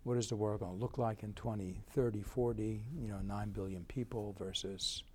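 A man's voice: lowish voice, fairly even intonation, moderate pace, a little hiss or hum. An older man in an interview, explaining his research center in a reflective way, often restarting his sentences. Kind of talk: interview conversation.

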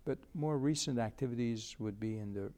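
A man's voice: mid-range voice, brisk, warm tone. An older man in an interview, explaining his research center in a reflective way, often restarting his sentences. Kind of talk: interview conversation.

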